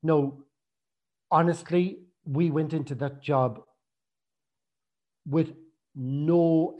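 Chatty and animated, a man tells a long personal story, slipping into the voices of the people he quotes. His voice sits a little high for a man, yet sounds mellow and warm rather than bright.

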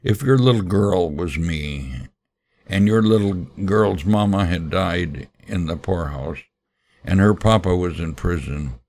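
A man's voice: deep voice, vocal fry, a little mellow, exaggerated voice. A man voicing a poor, orphaned little girl who pleads earnestly through tears.

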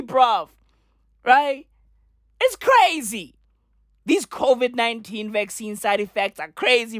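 A woman's voice: medium pitch, no echo, clean studio sound. Profane rambling woman in a comedic rant. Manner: repeats filler tags.

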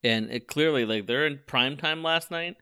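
Young male sports podcast co-host, bright and crisp voice, dry close mic, animated and laughs a lot. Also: on the high side, normal speed, no echo. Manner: animated, laughs often, repeats words when excited. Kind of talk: casual sports chat.

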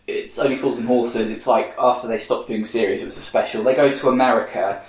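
A man's voice: mid-range voice, fairly even intonation, a little fast, far from the mic. A man on a podcast laying into something he dislikes in a plain, opinionated rant. He sounds set back from the mic, with a roomy echo around him. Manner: ranting, opinionated. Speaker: podcast co-host. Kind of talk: casual chat.

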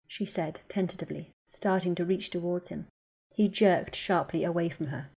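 A woman reading a fan fiction chapter aloud as an audiobook narrator, in a steady, even-paced way. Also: fairly low pitch, moderate pace, husky. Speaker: audiobook reader.

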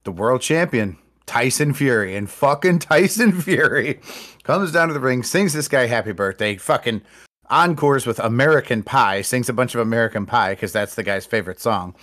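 A man in casual podcast chat, telling stories in an animated, profane way. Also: mid-range voice, moderate pace.

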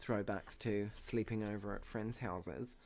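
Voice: low voice, fairly even intonation, measured pace, a little mellow. A podcast co-host, telling a story in a casual, giggly, jokey way and cutting in with quips.

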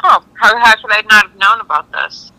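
A woman's voice: medium pitch, normal speed, a crowd in the background, low-quality recording. A woman guest on a casual podcast, curious and asking short questions.

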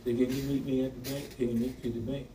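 A man's voice: medium pitch, level tone, fast talker, warm tone. A man preaching a sermon, talking back and forth with the congregation and laughing often. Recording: echoey room from far off, noisy.

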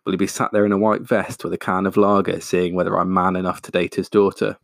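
A man's voice: sits low, level tone, quick pace, vocal fry, no room sound, studio quality. A man voicing a nervous young man who talks in a casual, jokey way.

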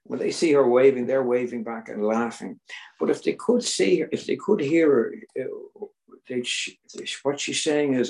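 An older man with a Northern Irish accent and a gravelly, creaky voice shares his own story at a recovery meeting. His pitch sits in the middle, and he tells it earnestly, pressing hard on some words and sinking almost to a whisper on others. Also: moderate pace, rough recording. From Northern Ireland. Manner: earnest storytelling that swings between loud emphasis and near-whispers. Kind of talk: personal testimony.

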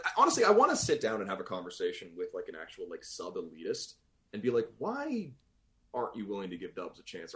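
A man from Boston talks casually as a voice actor guest. His pitch swings widely, rising and falling as he rambles. He often breaks off mid-sentence to restart, and laughs easily along the way. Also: a bit bright. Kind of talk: casual interview chat.

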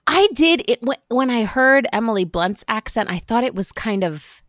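A woman co-hosting a casual podcast chat, expressive and gushing, laughing often. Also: a little high, normal speed, dry recording, clean studio sound. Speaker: podcast co-host.

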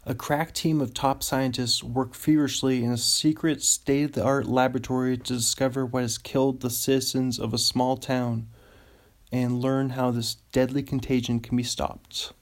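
A man's voice: medium pitch, level tone, moderate pace. A man hosting a solo podcast, rambling and amused with himself as he cheers on his own jokes. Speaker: podcast host.

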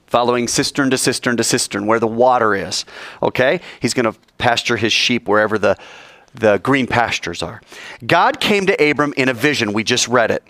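A man preaching a sermon, telling stories in an animated way and asking his audience questions. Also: mid-range voice, no echo.

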